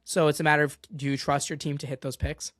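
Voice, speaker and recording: A man's voice: fairly high pitch, little pitch movement, quick pace, fairly bright tone, no room sound, studio quality. A young man hosting a solo sports podcast, ranting with exasperation and going off on tangents. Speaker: podcast host.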